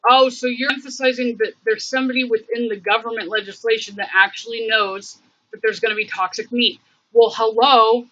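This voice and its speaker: A woman chats on her livestream in a bright, forceful voice that sits a little high. She rambles and thinks aloud, full of fillers and restarts. The stream audio is dull and lo-fi. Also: fairly even intonation, a little fast. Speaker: livestream host. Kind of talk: casual livestream chat.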